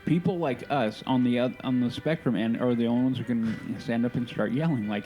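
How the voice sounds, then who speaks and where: A man's voice: mid-range voice, a little fast, few pauses, mellow, soft background music, low-quality recording. A man co-hosting a podcast in casual chat, emphatic, repeating himself for stress. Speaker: podcast co-host.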